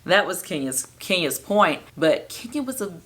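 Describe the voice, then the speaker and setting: A woman talks through a casual show recap, lively and gossipy. She addresses viewers directly and laughs often. Her voice sits a little low yet rings bright and forceful. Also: normal speed.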